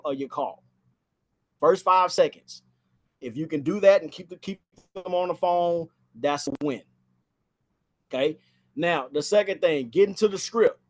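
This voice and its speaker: A man giving a casual spoken training on phone sales, talking from inside a house and repeating phrases for emphasis. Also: on the high side.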